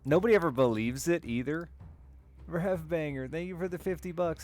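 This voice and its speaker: A man's voice: fairly high pitch, fairly quick, darkish tone, faint music behind. A man streaming and chatting with viewers, telling candid, rambling personal stories with frequent laughs. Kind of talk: casual chat with stream chat.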